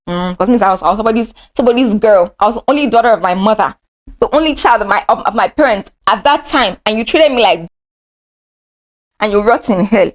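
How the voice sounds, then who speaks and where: A young Nigerian woman telling a personal story in a casual vlog. Her voice sits fairly high and leaps up and down the scale as she acts out the drama. The delivery is animated and expressive. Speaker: vlogger.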